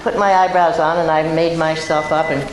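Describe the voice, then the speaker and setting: A woman's voice: low-pitched, flat delivery, a little fast. Older woman telling stories in an echoey hall. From Iowa, USA. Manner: chatty, self-amused anecdotes with frequent laughs. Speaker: guest actress at a film event. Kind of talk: storytelling to a live audience. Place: large hall before an audience. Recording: echoey hall with loud noise.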